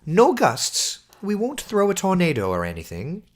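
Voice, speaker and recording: A man voicing a tropical storm as an overly polite gentleman, in a put-on British accent. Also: sits high, wildly swooping pitch, normal speed, pitched above the performer's own voice, heavily acted. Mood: polite, apologetic.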